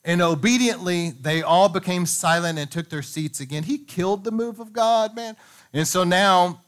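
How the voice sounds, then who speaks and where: Man preaching a lively revival story. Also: sits high, moderate pace. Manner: animated storytelling with asides to the congregation. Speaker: pastor. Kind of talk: sermon, reading a revival story aloud. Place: church.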